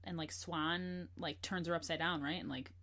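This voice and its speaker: A woman guest on a podcast, chatting casually about a book. Her voice sits fairly low for a woman. She laughs often and breaks into quoted passages. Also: fairly even intonation, normal speed, fairly bright tone. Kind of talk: casual chat.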